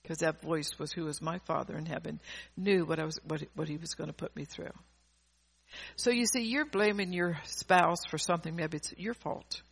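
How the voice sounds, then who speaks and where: A woman's voice: low voice, normal speed, gravelly, slightly rough. An older woman preaching an earnest sermon, often repeating and restarting her phrases.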